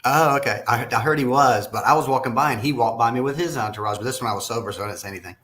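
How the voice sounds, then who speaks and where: A man's voice: medium pitch, rapid-fire, fairly bright tone. A man with a Southern American accent, telling rambling stories in a casual podcast chat and chuckling often. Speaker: podcast guest.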